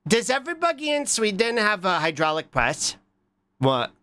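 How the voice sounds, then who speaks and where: Fairly quick and pushed-bright, with big swings in pitch, a livestreamer stuffed up from a cold reacts to videos and reads chat casually. His goofy, scattered chatter keeps looping back to "What?" amid squeaky high bursts.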